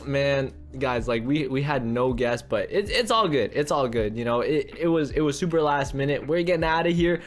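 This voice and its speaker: A young man narrating his own Minecraft role-play, excitable and quick to exclaim, repeating himself as he reacts. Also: mid-range voice, soft background music.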